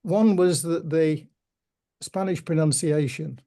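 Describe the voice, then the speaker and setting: Older man, Yorkshire accent, mellow tone, slightly high voice, reflective, measured storyteller, interview guest. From Yorkshire, England. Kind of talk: reminiscing conversation.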